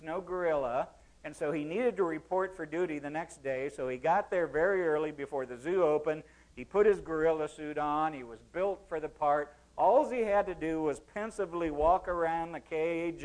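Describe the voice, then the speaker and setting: A man preaching a sermon, telling an illustrative story and quoting writers, with dramatic swings in loudness. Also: fairly high pitch, poor audio.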